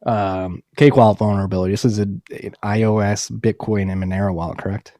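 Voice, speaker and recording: Casting note: male podcast co-host, lowish voice, profane and excitable, dry studio mic. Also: fairly quick, no room sound. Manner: profane, excitable, laughs a lot. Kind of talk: casual chat.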